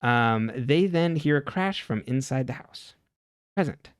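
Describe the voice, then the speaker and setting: A man's voice: medium pitch, lively intonation, a little slow, clear, resonant tone, no echo, studio quality. A man co-hosting a podcast, recapping a TV episode in a loose, chatty way with lots of "like" and "um" and frequent laughs. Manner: chatty, heavy on "like" and "um", laughs often. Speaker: podcast co-host.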